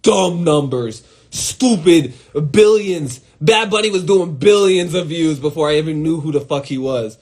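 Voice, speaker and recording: Young male streamer, fairly high voice, loose profane pep talk with sudden loud bursts. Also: measured pace, hardly any pauses. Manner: animated and profane, swings between loud outbursts and low muttering. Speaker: host of an Instagram live stream. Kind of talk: casual motivational monologue.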